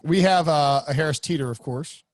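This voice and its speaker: A man's voice: fairly high pitch, a little fast, dry recording, studio quality. A man co-hosting a football podcast, talking in a rambling, joking way and sometimes putting on an announcer voice. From United States. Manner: rambling, joking, with playful put-on announcer bits. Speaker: podcast co-host. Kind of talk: casual chat.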